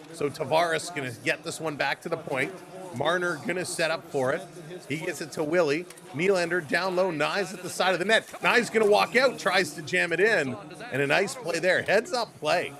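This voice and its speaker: A man with a high voice calls the action as a live-stream host in a loose, chatty way. He rattles off play-by-play and breaks off to greet viewers by name. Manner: rapid play-by-play calling of hockey action.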